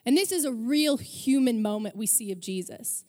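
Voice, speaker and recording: A woman pastor preaching a sermon, telling stories with animated energy and briefly acting out the people she quotes. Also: a little high, moderate pace, big-room sound. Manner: animated storytelling, acts out quoted voices.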